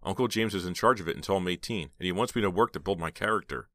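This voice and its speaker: A man's voice: low-pitched, fast talker, a bit bright, dry recording, studio quality. A man voicing a resentful teenage girl working as a waitress, glum and complaining.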